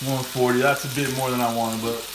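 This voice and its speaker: A cooking channel host runs a casual grilling demo, easygoing and chatty, often saying "all right." His mid-range voice is flat and fast, and the recording is very noisy with a roomy echo.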